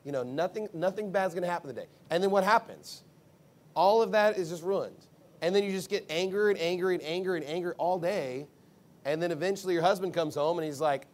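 A man's voice: high-pitched, fairly quick. A man preaching a conversational sermon as a pastor, blunt and emphatic, rambling with asides.

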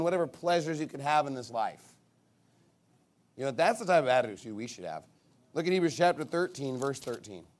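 High, lively preaching man. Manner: animated preaching with mocking asides and shouted bursts; reads scripture slowly with rising emphasis. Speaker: pastor. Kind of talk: sermon.

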